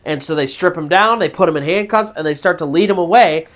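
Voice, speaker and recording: A man's voice: sits high, fast, fairly bright tone. A man hosting a storytelling channel, retelling a true ghost story in a loose, conversational way with fillers and restarts. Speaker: storyteller host.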